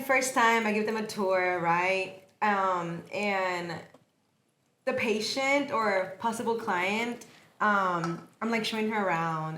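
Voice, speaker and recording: A woman co-hosting a casual podcast, telling stories in an animated, chatty way. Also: medium pitch, measured pace. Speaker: podcast co-host. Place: podcast studio at a cafe. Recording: roomy echo.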